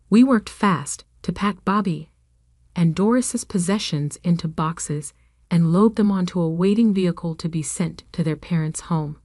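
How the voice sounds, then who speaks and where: A woman narrating a first-person family drama story in an even, steady storytelling delivery. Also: fairly low pitch, dry recording, studio quality.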